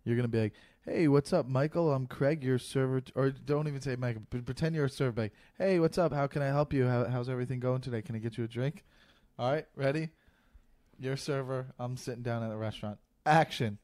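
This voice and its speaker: A man's voice: mid-range voice, a little fast, a little mellow, no room sound, clean studio sound. A man guesting on a casual podcast, teasing his host in a loose, rambling way. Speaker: comedian guest. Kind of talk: casual chat.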